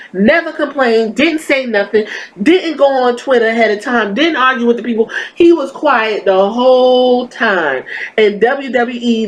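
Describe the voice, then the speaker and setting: Woman podcast host, slightly high voice, blunt and profane, ranting commentary. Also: slight background noise, poor audio.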